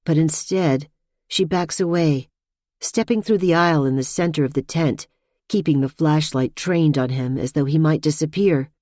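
Woman reading a thriller audiobook, low dark voice, dry close mic. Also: normal speed, dry recording. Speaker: audiobook narrator. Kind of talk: scripted narration.

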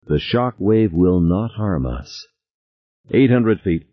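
A man voicing a calm, steady man piloting a submarine, measured and reassuring, on a dull, dry recording. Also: low voice, no room sound, full character voice.

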